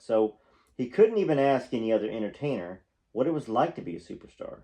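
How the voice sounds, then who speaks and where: A man's voice: medium pitch, mellow. Man reading aloud, chatty asides. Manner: breaks off to comment, folksy and conversational. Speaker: channel host reading a book aloud.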